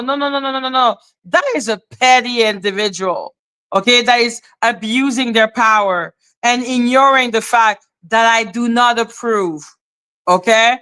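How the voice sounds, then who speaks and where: A woman's voice: a little high, normal speed, bright, forceful tone, clear, resonant tone. A woman hosting a livestream, talking bluntly and profanely in a heated rant to her chat. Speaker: livestream host.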